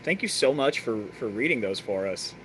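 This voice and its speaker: A man's voice: medium pitch, animated, normal speed, a bit bright, a little hiss or hum. A man hosting an open mic night, chatting casually and encouraging the poets. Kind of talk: casual chat.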